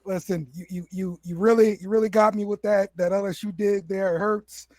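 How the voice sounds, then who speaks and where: A man's voice: sits high, fairly even intonation, a little fast, darkish tone, no echo. A man hosting a casual sports chat show, laid back, often repeating words and laughing. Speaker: podcast host.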